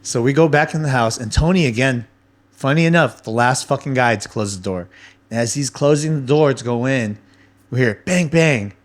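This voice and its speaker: A man at an ordinary, mid-range pitch tells stories in a loose podcast chat. He is animated and swears freely, and he slips into the voices of the people in his stories as he goes. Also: moderate pace. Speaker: podcast guest. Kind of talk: casual storytelling chat.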